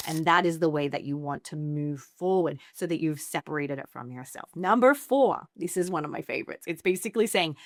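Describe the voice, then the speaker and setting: A middle-aged woman therapist teaching anxiety skills in a playful, lively way, acting out cheeky comebacks. Her voice sits a little low, and the sound is close and dry. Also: a little fast, few pauses, no echo. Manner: playful, acts out sassy quoted replies. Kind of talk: educational talk to camera.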